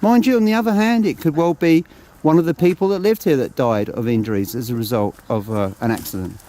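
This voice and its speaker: A man from England hosting a ghost hunt in a cemetery, calmly and politely addressing the spirits. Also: fairly high pitch, brisk. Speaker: paranormal investigator and host. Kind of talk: ghost hunting commentary outdoors. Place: outdoors in a cemetery and woods. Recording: loud outdoor background noise.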